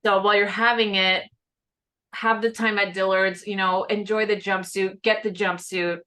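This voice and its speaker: A woman's voice: mid-range voice, flat delivery, moderate pace, fairly bright tone. A woman hosting a casual conversation over a video call, speaking in a chatty, reassuring way with many fillers. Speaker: host.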